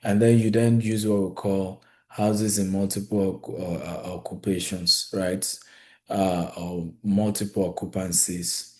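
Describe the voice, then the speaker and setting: A man's voice: low-pitched, little pitch movement, measured pace. A man hosting a real estate webinar, talking to viewers in a conversational way and repeating his key points. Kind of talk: live webinar presentation.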